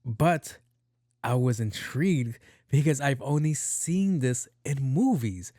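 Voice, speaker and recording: A man hosting his own podcast, telling a story in a profane, animated way. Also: medium pitch, takes it slowly, no echo, clean studio sound. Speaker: podcast host. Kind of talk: casual storytelling monologue.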